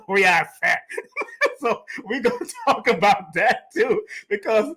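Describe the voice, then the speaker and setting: High-voiced hype man from Jamaica. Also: animated, slow, a bit bright. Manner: sing-song hype MC delivery. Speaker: host. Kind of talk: live-stream show hosting. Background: faint reggae music.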